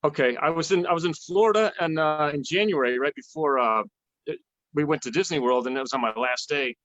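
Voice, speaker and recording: A man's voice: on the high side, fairly quick, fairly bright tone, dry recording, muffled recording. A man in a band telling a rambling, laughing anecdote with many restarts. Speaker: band musician. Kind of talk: casual storytelling.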